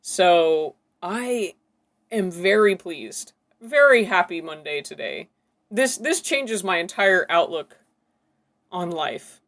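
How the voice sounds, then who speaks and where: A woman's voice: fairly low pitch, expressive, takes it slowly, a bit bright. Profane, giggly woman reacting to clips. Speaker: reaction video host. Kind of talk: casual reaction commentary.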